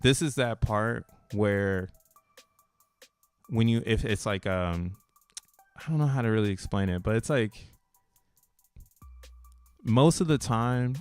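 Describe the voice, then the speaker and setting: A man's voice: lowish voice, takes it slowly, pauses often, a little mellow, clear, resonant tone, dry recording, soft background music. A man hosting a crypto channel who talks casually over a chart, slangy and rambling and laughing between points. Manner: rambling, restarts thoughts mid-sentence.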